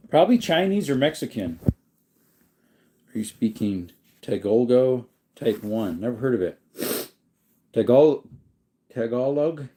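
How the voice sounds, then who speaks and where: A man hosting a livestream, reading viewer comments aloud in a relaxed, rambling way while yawning. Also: fairly low pitch. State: sleepy, yawning. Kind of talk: casual chat.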